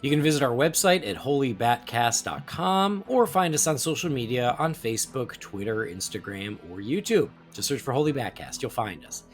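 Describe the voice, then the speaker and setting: A man's voice: mid-range voice, normal speed, hardly any pauses, faint music behind. A man hosting a podcast, reading the show's plugs and chatting casually with his co-host. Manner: chatty, animated, reads plugs then banters.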